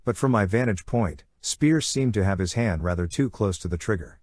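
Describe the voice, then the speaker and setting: A man with a lowish voice reads an audiobook at a moderate pace, narrating a scripted story in a steady, even way. The recording is dry with clean studio sound.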